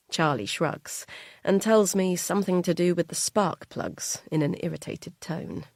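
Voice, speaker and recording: A woman with a lowish voice reads first-person audiobook narration, measured and quietly tense. The studio sound is dry and close, with no room around her. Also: animated, gravelly, dry recording.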